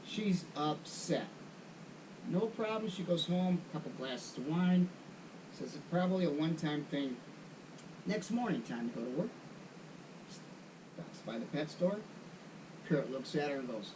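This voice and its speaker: A man's voice: fairly high pitch, animated, measured pace, pauses often, far from the mic, noisy background. A man hosting a casual golf chat show, asking questions and telling a long joke. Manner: jokey, tells jokes. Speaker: host.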